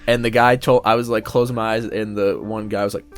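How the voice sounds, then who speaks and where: A young man co-hosting a podcast, telling a story in casual chat, animated and swearing freely as he acts out what people said. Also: fairly low pitch, brisk, faint music behind. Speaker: podcast co-host.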